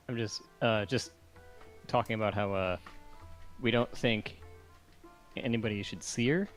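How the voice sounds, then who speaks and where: A man playing in a tabletop game who talks hesitantly, stopping to search for words. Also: fairly low pitch. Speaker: player. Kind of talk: in-character tabletop play.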